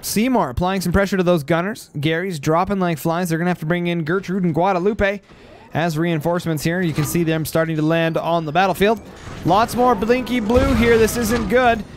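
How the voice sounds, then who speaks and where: A man giving play-by-play commentary on a strategy game match, excitable and bursting into loud exclamations at big plays, a little stuffy from post-nasal drip. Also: high voice, a little fast, a little hiss or hum. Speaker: game caster.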